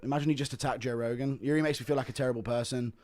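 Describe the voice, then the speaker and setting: A man's voice: medium pitch, fairly even intonation, very fast, darkish tone, a little hiss or hum. A man making blunt, offhand remarks in casual livestream chat.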